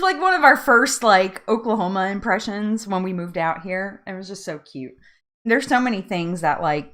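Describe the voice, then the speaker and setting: A woman's voice: medium pitch, fairly bright tone. A woman from New Jersey hosting a casual live chat from home, chatty, laughing often and drifting off on tangents. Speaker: live stream host.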